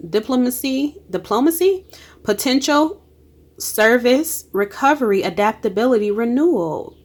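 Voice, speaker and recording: A woman giving a casual spiritual card reading, emphatic and encouraging, with frequent exclamations and colloquial speech. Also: fairly high pitch. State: emotional. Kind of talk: casual tarot-style energy reading.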